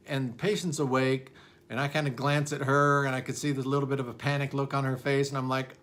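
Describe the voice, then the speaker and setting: A man's voice: medium pitch, fairly quick, fairly bright tone. Man in his 40s, dentist, candid and self-deprecating storyteller, mid-range voice. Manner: candid, self-deprecating, with many fillers and restarts. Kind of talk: personal storytelling.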